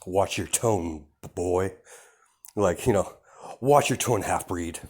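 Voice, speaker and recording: A man's voice: low voice, steady tone, slow pace, mellow. A man voicing a rude male werewolf messenger who spits insults. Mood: hostile. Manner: harsh, bigoted.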